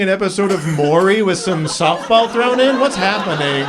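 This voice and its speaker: A man's voice: high voice, moderate pace, noisy background. A man performing stand-up comedy on a club stage, telling stories and acting out characters in a raised voice. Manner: animated storytelling, acts out characters with raised voice. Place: comedy club stage before a live audience. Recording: live club audience laughter.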